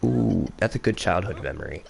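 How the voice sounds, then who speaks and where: A young man hosting a podcast in casual chat, telling stories in a rambling, animated way. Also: low voice, fairly quick, creaky. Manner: rambling, animated storytelling with laughs. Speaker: podcast host.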